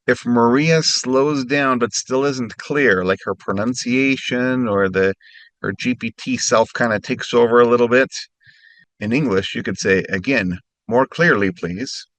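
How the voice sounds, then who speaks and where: A man teaching a recorded language lesson, giving clear instructions and slowing right down when he models practice phrases. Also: mid-range voice, fairly bright tone, dry recording.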